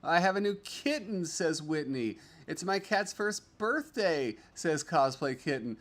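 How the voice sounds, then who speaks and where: A man's voice: fairly high pitch, lively intonation, measured pace, fairly bright tone. A middle-aged man hosting a casual livestream, chatting and reading viewer comments aloud in an upbeat, rambling way with lots of fillers. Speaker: livestream host.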